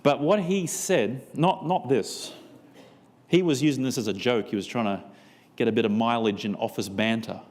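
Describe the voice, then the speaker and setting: A man's voice: mid-range voice, moderate pace, a little mellow, in a large hall. A man preaching a seminar sermon, telling a story and acting out both sides of a conversation. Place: church.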